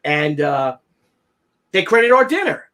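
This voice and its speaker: A man hosting a chat show, telling a long story in a casual, excitable way and acting out the people in it. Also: a little high, a little slow. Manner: animated, acts out the people in his stories; slangy and excitable. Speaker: show host.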